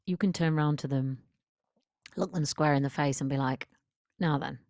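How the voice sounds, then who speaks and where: A woman's voice: low-pitched, moderate pace, a little mellow, no echo, clean studio sound. A woman confidence coach talking through a solo podcast episode in an emphatic, direct, conversational way.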